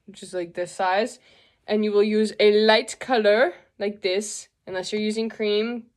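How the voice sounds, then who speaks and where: A woman's voice: mid-range voice, steady tone, unhurried. A young woman hosting a casual makeup tutorial, chatty and joking as she explains each step.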